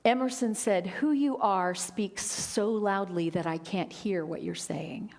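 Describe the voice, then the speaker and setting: A middle-aged woman minister giving a sermon, expressive, rising for quotes and dropping to a near whisper. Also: medium pitch, unhurried. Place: church sanctuary. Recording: long hall reverb.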